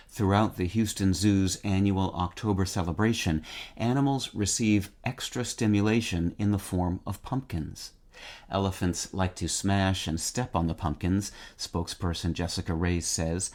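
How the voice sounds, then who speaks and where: A middle-aged man hosting a word-of-the-day podcast, reading a measured, precise script and spelling words letter by letter. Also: deep voice, darkish tone.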